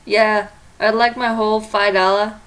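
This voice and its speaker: A woman hosting her own drawing stream, chatting casually with a friend, blunt and quick to swear and laugh. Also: medium pitch, level tone, fairly bright tone, low-quality recording.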